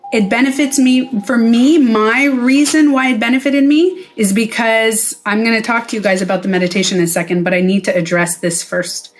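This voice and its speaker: A woman's voice: on the high side, fairly even intonation, normal speed, hardly any pauses. Blunt, swearing woman vlogger. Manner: blunt, swears freely, acts out quoted voices. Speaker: wellness vlogger, former spa owner. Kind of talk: casual direct-to-camera vlog talk.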